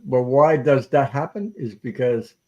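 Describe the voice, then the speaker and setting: A man's voice: mid-range voice, lively intonation, measured pace, mellow, highs cut off. A man hosting a casual live-stream chat, talkative and laughing often between sentences. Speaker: host.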